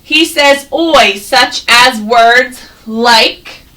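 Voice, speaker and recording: A woman teaching a first grade class, sounding out words slowly and praising the children. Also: on the high side, sharp tone, recorded from a distance, rough recording. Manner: slow, exaggerated sounding out of words, encouraging. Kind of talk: classroom phonics and reading lesson.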